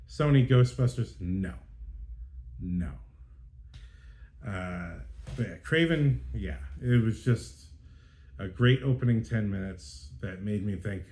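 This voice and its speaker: A man's voice: fairly low pitch, mellow. A man hosting a podcast and reviewing a film in a casual way. He sounds exasperated and rants with lots of fillers and restarts. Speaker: podcast host. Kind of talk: casual spoken movie review.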